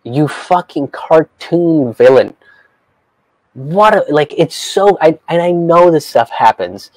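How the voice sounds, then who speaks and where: A man's voice: on the high side, animated, takes it slowly, dry recording, low-quality recording. A man giving a profane, incredulous rant while reading from an article. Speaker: comedian vlogger.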